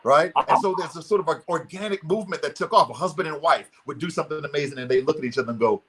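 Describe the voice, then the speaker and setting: Energetic man telling a motivational story. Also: fairly high pitch, very fast, husky. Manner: energetic, leads audience participation. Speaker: guest speaker. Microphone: video call.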